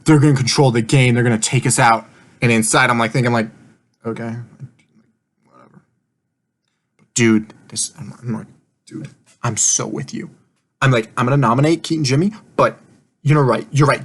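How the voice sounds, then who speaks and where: A man's voice: mid-range voice, husky. Rambling, laughing young man. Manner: rambling, laughs often, swears casually, acts out quotes. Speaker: vlogger recapping an online game. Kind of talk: casual rambling recap.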